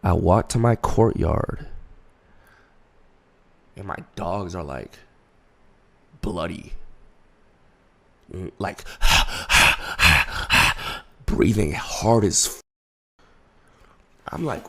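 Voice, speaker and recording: Animated young man telling a story. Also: medium pitch, a little slow, pauses often. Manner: animated, profane, swings between hushed and laughing. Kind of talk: casual storytelling to chat.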